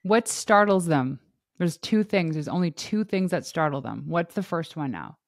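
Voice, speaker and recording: A woman hosting a podcast in casual interview chat, animated and laughing often as she acts out what others said. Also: low voice, moderate pace, creaky, no room sound, clean studio sound. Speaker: podcast host.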